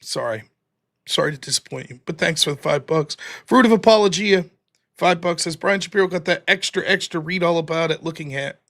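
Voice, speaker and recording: Bright-voiced American man reading donations. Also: high-pitched, a little fast. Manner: mock-wounded, self-deprecating, reads superchats aloud. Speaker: livestream host reading viewer donations. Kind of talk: casual live-stream chat.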